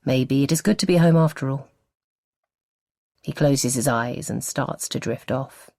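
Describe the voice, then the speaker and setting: A woman narrating a novel as an audiobook, with expressive storytelling. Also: very deep voice, measured pace, gravelly, no echo.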